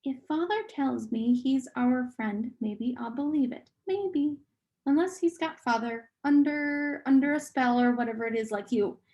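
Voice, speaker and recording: A stubborn teenage girl, blunt and defiant, her voice a bit high, as a woman reads her lines. She pushes back hard. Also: measured pace, mellow, muffled recording.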